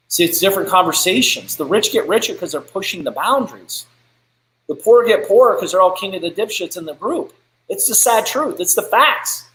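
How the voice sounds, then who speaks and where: High-voiced, blunt motivational host in an echoey room. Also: male voice, expressive, fairly quick, fairly bright tone. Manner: blunt, profane, preachy, fired-up. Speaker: business podcast host. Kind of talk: live-streamed motivational rant.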